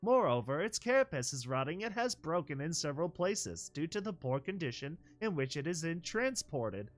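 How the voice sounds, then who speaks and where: A man's voice: on the high side, moderate pace. A man doing a clipped, literal machine voice. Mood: mechanical. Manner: flat, clipped, mechanical. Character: automated machine voice, literal, blunt.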